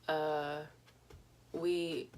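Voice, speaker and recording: A woman's voice: low voice, little pitch movement, extremely slow, darkish tone. A young woman vlogger telling a story in a chatty, casual way, with lots of fillers and laughs.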